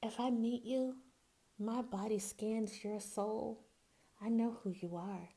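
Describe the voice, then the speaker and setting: A woman's voice: a little high, steady tone, slow pace, dark tone. A woman from Mississippi with a Southern accent, speaking in a candid, folksy personal monologue as a podcast host who calls her listeners "baby".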